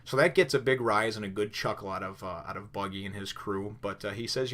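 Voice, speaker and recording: A man's voice: on the low side, brisk, few pauses, a bit bright. A man giving a casual spoken review, retelling the story loosely with many fillers and restarts. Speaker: comic book reviewer.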